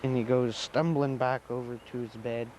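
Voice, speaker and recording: A man's voice: mid-range voice, steady tone, moderate pace, a little mellow, slight background noise, rough recording. A man from Alaska telling a traditional folk tale in a loose, repetitive, conversational way. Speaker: storyteller.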